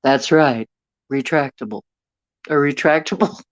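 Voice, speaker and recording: A woman whose voice sits low hosts a bedroom livestream, talking a little slowly as she reads and rambles about viewer comments. Recorded on a phone, the sound is dull, lo-fi, and free of room sound.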